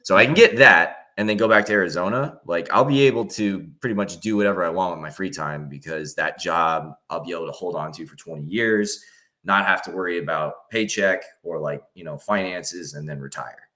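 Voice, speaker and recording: Low-voiced young man, rambling casual chat. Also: brisk, pushed and bright. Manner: rambling, filler-heavy, acts out inner voices. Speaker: podcast guest.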